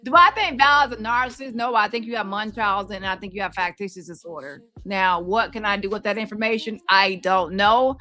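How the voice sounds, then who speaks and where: Blunt scolding woman with bright voice. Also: medium pitch, brisk, hardly any pauses. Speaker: commentary YouTuber. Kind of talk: casual commentary.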